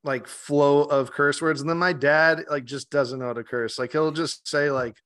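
A man's voice: on the high side, steady tone, moderate pace, a bit bright. A man guesting on a podcast as a meditation guide, chatting casually, swearing freely and restarting his sentences often. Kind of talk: casual interview chat.

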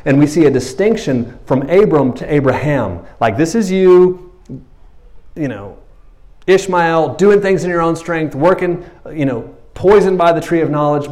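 A man preaching a sermon as pastor, animated and conversational, acting out Bible characters in quick voices. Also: a little high.

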